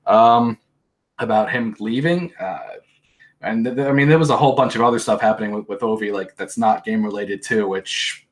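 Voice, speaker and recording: A man's voice: fairly low pitch, fairly even intonation, moderate pace. A young man hosting a podcast, recapping events in a casual, rambling way, often exasperated and breaking into mocking impressions. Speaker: podcast host. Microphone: handheld podcast mic.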